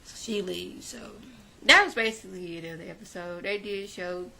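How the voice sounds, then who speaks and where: A woman's voice: fairly low pitch, normal speed, creaky, pushed and bright, low-quality recording. A woman recapping a reality show episode in a chatty, opinionated way, talking straight to her viewers with speech. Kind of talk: casual recap talk with quoted paraphrases.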